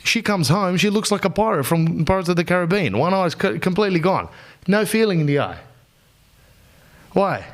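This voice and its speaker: An Australian man riffs through a comic story on his podcast, rambling and slangy, and keeps jumping into other people's voices. His pitch sits a little high, and it swings widely from phrase to phrase. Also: moderate pace. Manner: animated, slips into characters' voices. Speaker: podcast host. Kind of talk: comedic storytelling monologue.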